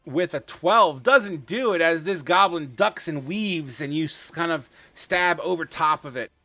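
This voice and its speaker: A man runs a tabletop game with a bright, forward voice, narrating rolls and attacks loosely. He jokes, swears casually and stumbles over his words now and then. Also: a little high, lively intonation, unhurried, no room sound, faint music behind. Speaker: game master.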